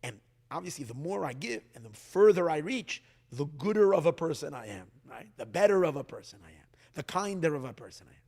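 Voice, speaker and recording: A man, a rabbi, teaching a lively Torah class, sometimes voicing the body and Earth, swinging from hushed to loud. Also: fairly high pitch, brisk, husky. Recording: long hall reverb.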